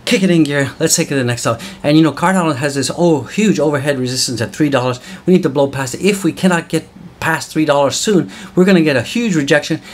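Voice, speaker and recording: Guy hyping up crypto charts solo, loud whoops, slightly high voice, keeps saying guys. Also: quick pace. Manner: hyped, exclamatory, whooping, calls viewers guys. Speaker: crypto market commentator. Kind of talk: excited solo market commentary.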